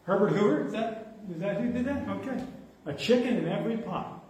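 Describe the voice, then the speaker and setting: A man preaching a sermon in an animated, conversational way, joking with his congregation. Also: high voice, brisk. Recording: echoey hall, mic from far off.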